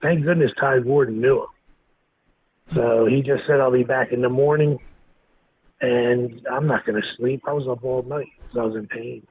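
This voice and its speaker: Profane storyteller on a tinny line. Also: male voice, medium pitch, normal speed, husky, no room sound. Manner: blunt, profane, animated storyteller. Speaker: guest. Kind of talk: casual interview storytelling. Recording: tinny phone-like line with faint noise.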